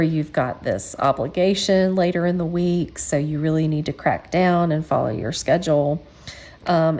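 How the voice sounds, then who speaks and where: A woman's voice: low voice, darkish tone. A woman hosting a casual craft tutorial, chatty and encouraging, with frequent ums. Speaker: quilting channel host.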